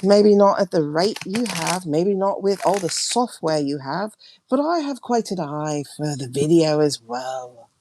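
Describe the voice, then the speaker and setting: A woman hosting a tarot livestream, ranting emphatically and repeating herself, her voice swinging between loud and hushed. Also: fairly low pitch, animated, a little slow, a little hiss or hum. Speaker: tarot reader and livestream host.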